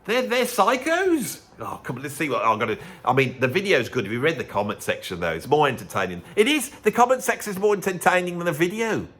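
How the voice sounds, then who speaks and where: A man's voice: mid-range voice, very animated, fast, few pauses, fairly bright tone. A middle-aged man with a Birmingham accent, talking straight to camera in a chatty, sarcastic vlog. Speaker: musician and YouTuber.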